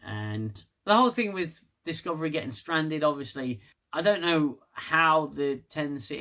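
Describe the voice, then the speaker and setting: Male reviewer, slightly high voice, sarcastic and rambling, swears freely. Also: bright, forceful tone. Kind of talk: casual solo review.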